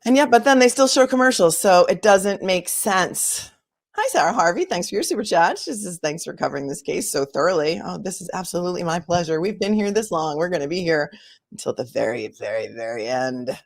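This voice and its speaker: A woman's voice: lowish voice, expressive, brisk, vocal fry, dry recording. A woman hosting a live stream, chatting casually and reading out viewer comments in a conversational way. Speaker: host of a live-stream channel reading super chats. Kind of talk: casual chat.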